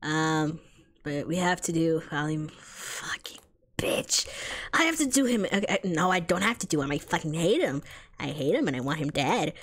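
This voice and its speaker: A woman's voice: low-pitched, moderate pace. A woman streaming a game, reading its text aloud and swearing sarcastically at the characters. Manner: profane, sarcastic, exasperated asides.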